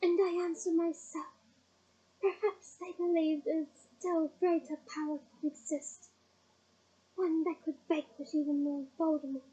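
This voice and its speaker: Woman reads a soft-spoken, menacing male dark lord, slow and cold, high mellow voice, dull lo-fi sound. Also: little pitch movement. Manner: slow, soft, coldly measured speech. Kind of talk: audiobook reading.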